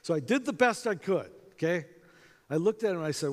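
A man giving a storytelling talk to a conference audience, acting out dialogue in an animated way, with reverb from a hall. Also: high voice, fairly quick. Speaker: conference speaker.

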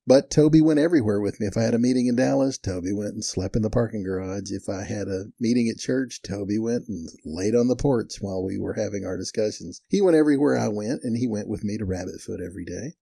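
An older man tells a ranch story in a folksy, chuckling way. His voice is low, very dark and a little husky. The recording is close and dry, with no room sound. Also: fast, hardly any pauses, no room sound. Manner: folksy, chuckling, animated in quoted dialogue. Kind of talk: casual storytelling.

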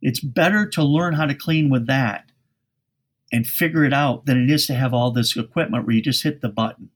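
Man, mid-pitched, folksy anecdotal guest on a podcast, restarts his sentences a lot. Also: moderate pace. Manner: folksy storyteller with frequent restarts. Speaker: carpet cleaning industry expert guest. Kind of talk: podcast interview storytelling.

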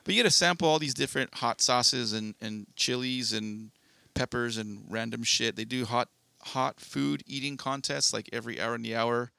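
Young guy rambling thru a story on a podcast, gravelly and bright, dry close sound. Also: mid-range voice, moderate pace, dry recording. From Southern California. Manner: rambling storyteller, swears freely. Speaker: podcast co-host. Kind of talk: casual chat.

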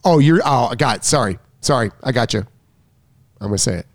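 A coach in a casual discussion, a man who interjects quickly and thinks out loud. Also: mid-range voice, animated, vocal fry, no room sound.

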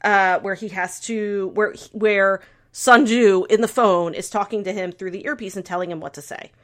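A woman's voice: medium pitch, normal speed. Chatty woman podcaster, rambling recap. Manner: rambling, heavy use of "like", animated retelling. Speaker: podcast co-host. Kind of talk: casual chat, recapping a drama.

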